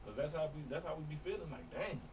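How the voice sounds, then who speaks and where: A man's voice: a little high, racing. A man co-hosting a podcast, teasing and exclaiming in casual chat. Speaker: podcast co-host. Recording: noisy recording.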